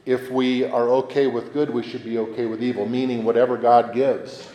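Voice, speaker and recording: A male priest gives a homily in a relaxed, conversational way, breaking into lively acted-out voices. His voice sits at an ordinary pitch. The sound is echoey, with a long reverb that rings through a large church. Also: normal speed, highs cut off. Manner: conversational, animated, acts out quoted voices.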